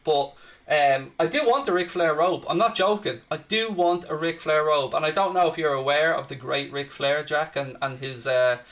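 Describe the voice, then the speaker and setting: A man's voice: fairly high pitch, moderate pace, a bit bright. A man, hosting a live football watchalong with brash, crude, mock-boastful banter. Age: 30s. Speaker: host.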